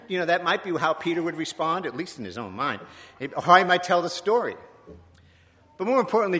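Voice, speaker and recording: A man from Virginia gives a sermon in a church. He talks in a reflective, conversational way and corrects himself as he goes, with a bright, forceful tone and lively swings in pitch. His voice carries a long reverb. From Virginia, USA. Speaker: preacher.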